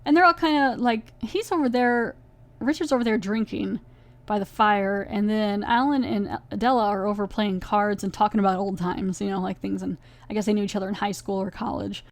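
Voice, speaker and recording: A woman podcast host talks her way through a TV episode in a casual, animated recap. Her voice sits at a middling pitch, and the recording is dry and close with no room sound. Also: moderate pace, no echo. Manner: chatty, animated, retells scenes with quoted voices.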